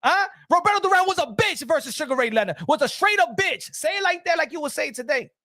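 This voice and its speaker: A man's voice: extremely high pitch, animated, fast talker, pushed and bright. A man hosting a boxing talk show, ranting heatedly and repeating himself with a lot of profanity. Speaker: boxing commentary host. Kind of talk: casual ranting commentary.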